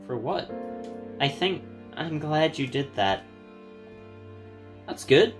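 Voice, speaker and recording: A man playing through a horror game, giving casual, wry commentary and clearing his throat now and then. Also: medium pitch, takes it slowly, long pauses, a bit bright, faint music behind. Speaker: game player. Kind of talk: let's play commentary.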